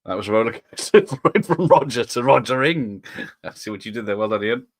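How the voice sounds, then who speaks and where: A man's voice: mid-range voice, lively intonation, brisk, dry recording, studio quality. A man hosting a casual live stream, rambling and chuckling as he reads out viewers' chat comments.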